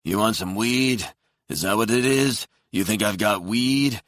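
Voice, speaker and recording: Man voicing a hostile old homeless man, ranting, loud, bright, dry audiobook sound. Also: lowish voice, a little slow, no echo, pitched above the performer's own voice. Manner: aggressive ranting, swearing.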